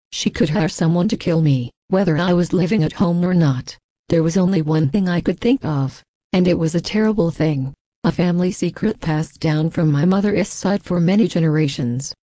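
Low, mellow woman narrating a story. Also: no echo. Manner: even, reads punctuation marks aloud. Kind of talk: first-person scripted story narration.

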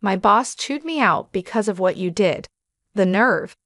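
An indignant, blustering middle-aged bank manager shouting his complaints, as a woman reads him in a story. His voice stays at a middle pitch with a close, dry sound. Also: lively intonation, measured pace, dry recording.

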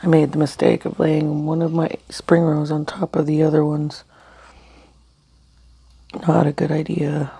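A woman talks to her viewers between bites in a casual eating-show chat. Her voice has a gravelly, creaky edge, and she is blunt, swears, then says sorry for it. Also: low voice, flat delivery, unhurried, pauses often, mellow. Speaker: mukbang vlogger.

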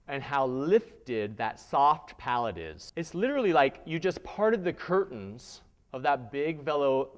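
A man's voice: mid-range voice, in a large hall. A man, a theatre instructor, leading a live voice workshop, coaching listeners through exercises. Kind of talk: live workshop lecture with vocal demonstrations.

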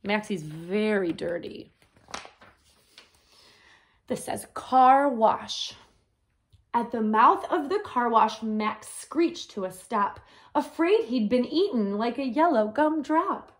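A woman reading a picture book aloud to children in a gentle voice, stopping to add her own comments. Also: fairly high pitch, animated, slow. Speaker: storyteller.

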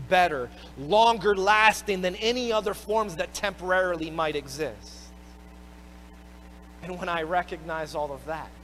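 A man's voice: high-pitched, sharp tone, a little hiss or hum, rough recording. A man preaching a sermon as pastor, emphatic and repeating his words as he drives home each point.

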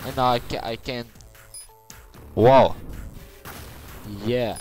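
A man's voice: medium pitch, steady tone, slow pace, darkish tone. A man commentating his own gameplay, frustrated and swearing at the boss he is fighting. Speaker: gamer. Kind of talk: let's play commentary. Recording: faint game music behind.

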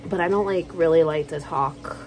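A woman's voice: low voice, moderate pace, a little hiss or hum, poor audio. A woman vlogger chatting casually to camera at home, telling stories in a slangy, joking way. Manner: chatty, slangy, jokey storytelling.

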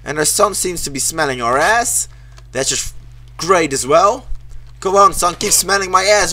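Young guy, english not his first language, sarcastic gaming rant, voice leaps way up when he yells, kinda bright. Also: high-pitched, expressive, normal speed. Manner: sarcastic, swears a lot, yelps and shouts at the game. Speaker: gaming commentator. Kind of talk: let's play commentary.

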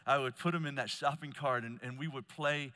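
Lively preacher in a reverberant hall. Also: male voice, brisk. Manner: storytelling, swings between loud emphasis and hushed low asides. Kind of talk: conference sermon.

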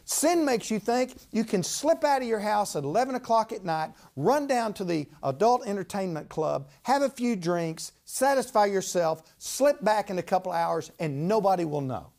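Animated preacher with a lively voice. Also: male voice, high voice. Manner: animated, dramatic storytelling with quoted voices. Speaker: pastor. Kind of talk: sermon.

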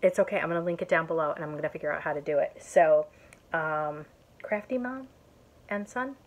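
A chatty woman from Indiana shows off her craft haul, laughing at herself and getting excited. She is tired from an early start. Her voice sits a little low. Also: brisk. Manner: chatty, giggly, self-mocking, excitable. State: tired, up since early morning. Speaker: YouTube vlogger showing a haul. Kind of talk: casual haul vlog chat.

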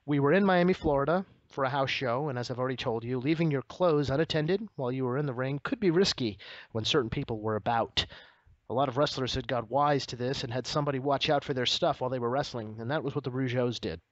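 A man's voice: mid-range voice, fast talker, dry recording. A man co-hosting a casual podcast, reading a book aloud with comic asides. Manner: reads with comic asides and laughter. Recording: dull, slightly lo-fi dry audio.

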